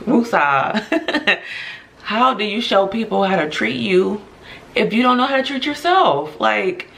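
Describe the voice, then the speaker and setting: A woman's voice: medium pitch, animated, a little slow, creaky, a bit bright, slight background noise. A young adult woman hosting her podcast, talking in an earnest, chatty way straight to her listeners and laughing through emotional moments. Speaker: podcast host. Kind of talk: casual heartfelt podcast monologue.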